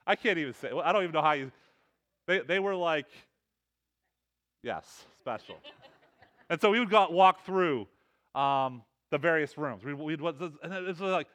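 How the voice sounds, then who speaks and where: A man's voice: a little high, lively intonation, normal speed, fairly bright tone. A middle-aged man preaching a sermon in a loose, conversational way, with lots of fillers and restarts. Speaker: pastor.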